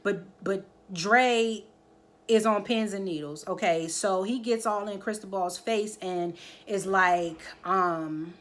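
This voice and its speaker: Animated woman recapping a TV episode. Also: mid-range voice, slow pace. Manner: animated storytelling, acts out the characters' lines; addresses viewers directly, keeps checking in with "okay?". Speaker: TV episode reviewer.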